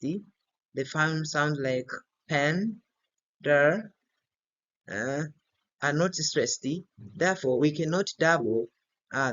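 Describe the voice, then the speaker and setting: A man's voice: on the high side, a bit bright. A man teaching an English grammar and pronunciation lesson, repeating each word several times to model its stress. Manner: slow and deliberate, repeats words many times to model stress. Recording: slightly dull lo-fi recording.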